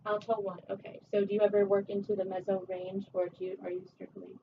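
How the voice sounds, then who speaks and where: A woman voice teacher giving a one-on-one singing lesson, chatty and encouraging, her voice a little rough from a recent cold. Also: medium pitch, flat delivery, quick pace. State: recovering from a cold. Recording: distant, dull camera audio with faint hiss.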